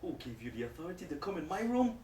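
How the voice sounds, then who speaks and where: A man's voice: fairly high pitch, sing-song, quick pace, darkish tone, a little hiss or hum, voice pushed up. A male preacher briefly voicing Mary as a frightened young woman while telling a story to a live audience. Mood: alarmed. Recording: echoey room, distant mic.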